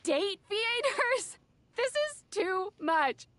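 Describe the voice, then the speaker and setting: Sam, a gossipy young friend. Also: female voice, extremely high pitch, very animated, takes it slowly, fairly bright tone, dry recording, exaggerated voice. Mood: incredulous. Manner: incredulous, teasing. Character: chatty young woman friend, gossip-hungry. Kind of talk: video game voice acting.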